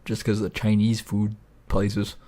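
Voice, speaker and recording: A man's voice: on the low side, completely flat delivery, a little slow, warm tone. Swearing, rambling gamer guy. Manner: rambling, profane and ranting. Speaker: gaming video host. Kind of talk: casual gameplay commentary.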